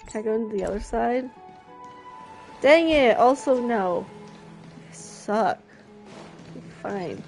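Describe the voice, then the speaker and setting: A young adult woman giving casual gameplay commentary, chatty and excitable, often talking to herself. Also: on the high side, slow pace, gravelly, pauses often, faint music behind. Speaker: streamer.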